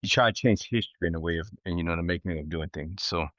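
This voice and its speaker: A man talks as an interview guest in a very low voice. He is laid-back and reflective, filling his speech with "you know" and "like". The recording is dull and dry. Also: fast, a bit bright, no room sound. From East Texas. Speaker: guest entrepreneur. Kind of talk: casual interview chat.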